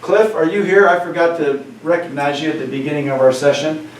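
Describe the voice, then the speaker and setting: A man's voice: a little high, a little fast, slight background noise. Echoey distant male teacher in a classroom. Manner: conversational, frequent "right?" check-ins. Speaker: Spanish teacher. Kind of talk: classroom lecture. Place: classroom, recorded for cameras.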